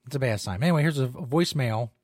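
A man hosts a comedic podcast in a crude, offhand, joking manner. His voice sits at an ordinary pitch and is recorded close and dry, with no room sound. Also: lively intonation, fast, darkish tone, no echo. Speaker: podcast host. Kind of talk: casual comedic podcast talk.

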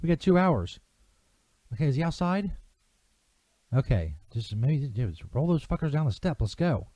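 A man's voice: a little high, big pitch swings, moderate pace, mellow, no echo. A man hosting a live comedy radio show, laughing and exasperated as he swears casually. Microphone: studio microphone.

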